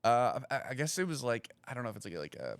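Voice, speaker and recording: A man talking in a relaxed, rambling way, full of self-deprecating, deadpan asides and leaning heavily on "like" as a filler. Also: medium pitch, quick pace, smooth, dry recording. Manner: heavy use of "like" fillers. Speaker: stand-up comedian guest. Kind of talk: casual podcast chat.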